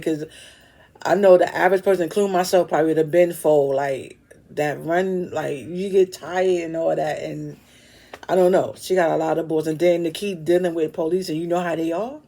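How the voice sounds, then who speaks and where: A man's voice: on the high side, steady tone, normal speed, creaky, mellow. A man giving laid-back reaction commentary to viewers. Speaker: reaction host.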